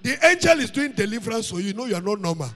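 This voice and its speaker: A man preaching with a Nigerian accent, mixing in Pidgin, chanting repeated words and swinging into shouts. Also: high-pitched, sing-song, racing, big-room sound. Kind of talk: sermon.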